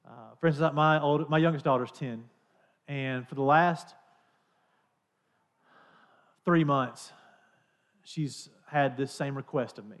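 A man's voice: medium pitch, takes it slowly, long pauses, fairly bright tone. A man in his thirties or forties preaching a sermon in a conversational, storytelling manner. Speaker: pastor.

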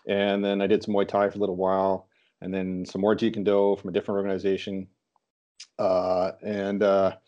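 A man introducing himself as a podcast guest, casual and hesitant, with lots of pauses and fillers. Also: lowish voice, darkish tone, dull audio. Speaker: podcast guest, martial arts instructor.

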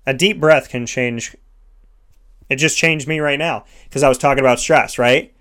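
A man's voice: mid-range voice, steady tone, normal speed, fairly bright tone. Earnest man giving motivational talk. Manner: earnest, repetitive, emphatic lists. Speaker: host of a sponsored motivational segment. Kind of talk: motivational self-help talk.

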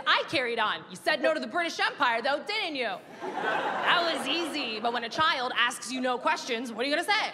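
A woman stand-up comedian telling a story fast and animated, with shouted outbursts, recorded live at a comedy venue. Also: sits high. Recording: live venue, long reverb, crowd noise.

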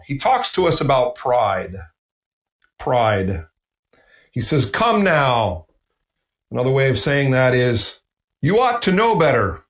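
A man's voice: medium pitch, reverberant. A man from the United States preaching a sermon in an earnest, emphatic way, repeating phrases for stress.

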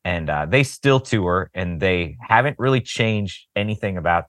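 Man, podcast co-host, lowish voice, dry close sound, jokey storytelling. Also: lively intonation, normal speed, fairly bright tone, dry recording. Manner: joking storyteller, laughs often. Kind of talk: casual chat.

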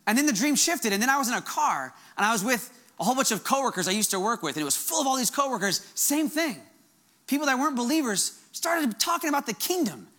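Fervent, animated male pastor preaching. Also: extremely high pitch, fast talker. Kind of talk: sermon.

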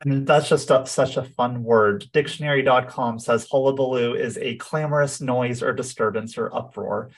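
A man's voice: medium pitch, fairly even intonation, normal speed, few pauses. A man co-hosting a podcast in casual chat, talking thoughtfully with frequent "um"s and "uh"s. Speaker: podcast co-host.

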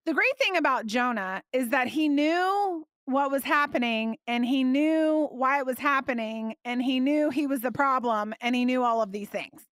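A woman teaching a Bible passage in an animated, emphatic way, often laughing. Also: sits high, no echo, studio quality.

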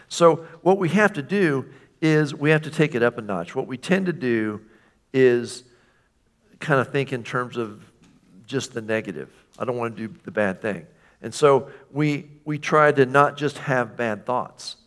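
A man's voice: medium pitch, fairly bright tone. Guy pastor preaching, chatty, keeps asking the crowd questions. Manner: conversational, asks the congregation questions. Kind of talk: sermon.

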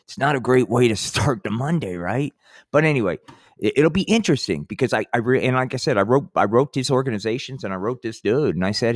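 A man's voice: medium pitch, animated, brisk, no echo, studio quality. A middle-aged man hosting a podcast, telling a long profane story in a rambling way and saying "man" often. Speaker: podcast host.

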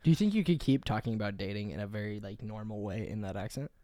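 A young college student co-hosting a podcast, playful and easily sidetracked. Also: male voice, fairly low pitch, fast, dark tone, no echo, studio quality. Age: young adult. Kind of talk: casual podcast chat.

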